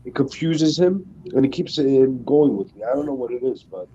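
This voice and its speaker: A man's voice: mid-range voice, lively intonation, moderate pace, warm tone, highs cut off, a little hiss or hum. A man joking around in a casual group chat. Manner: joking, playful.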